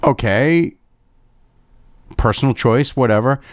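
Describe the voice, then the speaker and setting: A man's voice: medium pitch, lively intonation, a little slow, dry recording, studio quality. A man hosting political commentary, reading through an article and ranting with profanity and sarcasm.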